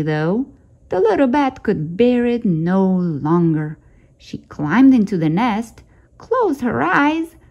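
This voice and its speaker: A woman hosting a storytime channel, reading a children's picture book aloud in a gentle, expressive way. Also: fairly high pitch, gravelly, lo-fi sound. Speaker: storytime host.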